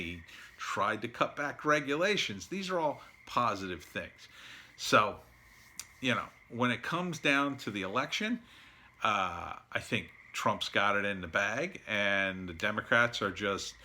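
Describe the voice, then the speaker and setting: A man's voice: medium pitch, sharp tone. A man giving a casual, blunt political opinion monologue, sarcastic and laughing at his own jabs. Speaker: political commentator.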